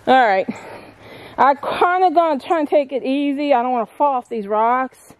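A woman vlogging outdoors at an old stone landmark, chatting excitedly to her viewers on a handheld phone camera. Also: high voice, normal speed, no room sound. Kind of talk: casual vlog narration. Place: outdoors at a historic stone furnace.

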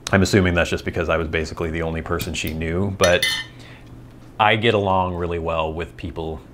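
Deep-voiced man rambling. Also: steady tone, brisk, noisy background. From United States. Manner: rambling, thinks aloud, self-deprecating asides. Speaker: vlog host. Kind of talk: casual rambling monologue.

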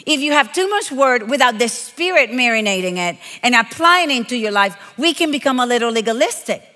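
High, bright-voiced woman preacher. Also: fairly quick, long reverb tail. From Puerto Rico. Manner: animated, playful, emphatic preaching with quoted asides. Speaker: guest preacher. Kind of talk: lively storytelling sermon.

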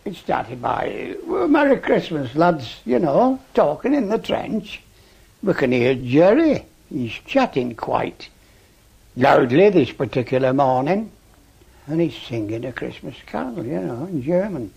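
An older veteran man telling his story in an archive interview, lively and acting out remembered shouts. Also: on the high side, measured pace, creaky, breathy edge, dull audio. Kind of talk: archive oral-history interview.

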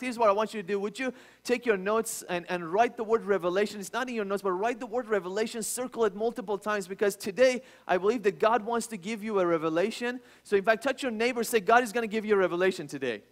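A man in his thirties, a pastor preaching a sermon, telling stories with many restarts and rising to loud, emphatic bursts. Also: high voice, fast, few pauses.

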